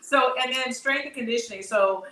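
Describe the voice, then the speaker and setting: A woman's voice: fairly high pitch, normal speed, over a noisy crowd. A woman from Texas, hosting a boxing talk show in a chatty, casual way that often repeats words as she starts a phrase. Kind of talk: casual interview chat. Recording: echoey room, distant mic.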